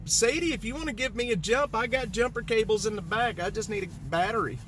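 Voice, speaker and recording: A man's voice: sits high, quick pace, fairly bright tone, a little hiss or hum. Exasperated man livestreaming by his car. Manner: exasperated, joking, talks to viewers as y'all. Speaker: livestream host. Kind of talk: casual live-stream chat. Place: outdoors by his car in cold rain.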